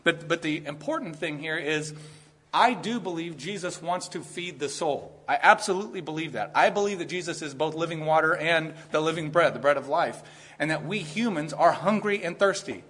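Husky-voiced man preaching earnestly. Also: a little high, fairly bright tone. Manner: earnest, conversational preaching with emphatic rises. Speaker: pastor. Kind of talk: sermon.

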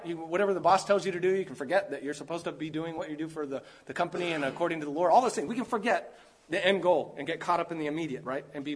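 A man preaching a sermon while sick, stressing his points by stacking and repeating key words. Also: high-pitched.

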